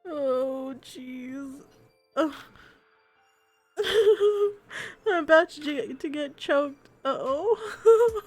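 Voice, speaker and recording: High, lively, flustered young woman streamer. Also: very slow, pauses often, faint music behind. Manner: flustered, giggly, reads narration softer and lower. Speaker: streamer reading a romance game aloud. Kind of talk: live game playthrough with read-aloud narration.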